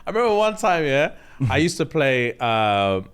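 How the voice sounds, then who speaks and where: A young man co-hosting a podcast, telling animated stories with lots of swearing in casual chat. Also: on the high side, normal speed, clean tone. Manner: animated storytelling, swears often. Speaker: podcast co-host.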